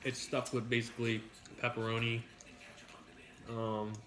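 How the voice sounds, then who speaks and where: A middle-aged man with a New York accent hosts a casual mukbang, joking through rambling stories while he eats. His medium-pitched voice is monotone and unhurried.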